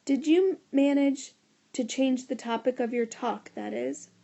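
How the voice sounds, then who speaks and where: A woman voicing a scheming, smooth-talking man with an eager, firm manner in a storybook reading. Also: sits high, unhurried, mellow, muffled recording, heavily acted.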